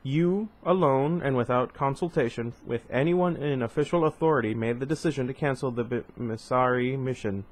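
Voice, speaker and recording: A man voicing an oily, smoothly polite male alien politician who sounds skeptical. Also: mid-range voice, normal speed, few pauses, close to an everyday voice.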